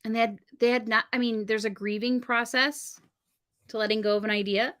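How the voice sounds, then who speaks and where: Bright-voiced woman telling lively stories. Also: on the high side, a little fast. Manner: animated storytelling, acts out quoted exchanges. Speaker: podcast co-host and wedding officiant. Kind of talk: casual live-stream conversation. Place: home studio on a live stream.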